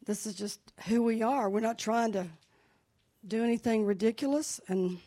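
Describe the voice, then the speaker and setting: With a slightly high, warm voice at a normal pace, this church leader chats anecdotally about her family's news during a service in a sanctuary. The conversational sermon with testimony climbs into fervent prayer.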